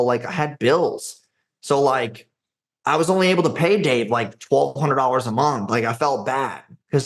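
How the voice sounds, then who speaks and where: A young agency founder, appearing as a podcast guest, tells stories in a casual interview. He's brash and profane, with a medium-pitched voice, and keeps dropping "dude" and "like."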